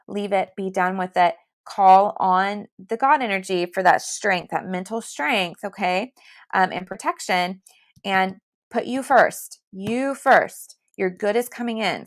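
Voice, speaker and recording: A chatty woman doing a livestream reading into her computer mic from home. Her voice is gravelly, with a middle pitch, and her manner is reassuring and given to easy laughter. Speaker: tarot reader on a livestream.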